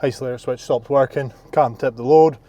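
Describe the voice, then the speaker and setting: A Scottish landscape business owner in his twenties talks briskly in a steady, medium-pitched, warm voice. He chats to himself outdoors at work sites and the yard, planning his day aloud for a casual work vlog.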